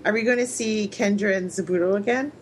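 A woman's voice: medium pitch, brisk, a little hiss or hum. A woman co-hosting a podcast in casual chat. She is chatty, asks questions and laughs easily. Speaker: podcast co-host.

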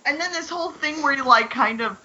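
A woman co-hosts a podcast, giggly and animated. Her voice is bright and fairly high, with a lively swing in pitch. The recording is a little dull. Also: brisk. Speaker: podcast co-host. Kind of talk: casual chat.

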